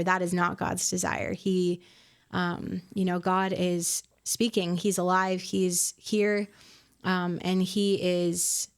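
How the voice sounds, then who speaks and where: A woman in her twenties, a worship pastor being interviewed on a podcast, talking in a reflective, soft-spoken way with many fillers. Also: fairly low pitch, clean tone. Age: 20s.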